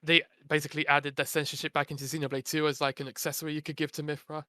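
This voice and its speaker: A man talking as a podcast guest with a fairly high, bright and tense voice. His tone is smooth and crisp, recorded dry with no room sound. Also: level tone, rapid-fire. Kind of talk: casual podcast chat.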